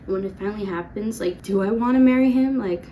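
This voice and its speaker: Woman, twenties, chatty storytime vlogger, filler-heavy and animated, faint hiss behind. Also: mid-range voice. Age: 20s. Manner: chatty, lots of "like", quick laughs. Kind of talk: casual storytime vlog.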